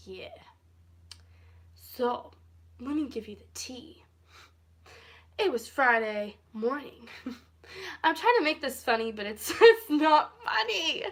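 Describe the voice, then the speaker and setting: A young woman with a somewhat high voice chats through a storytime vlog into her phone at home. She rambles, drifts off topic and laughs often as she talks. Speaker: vlogger. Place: at home, indoors.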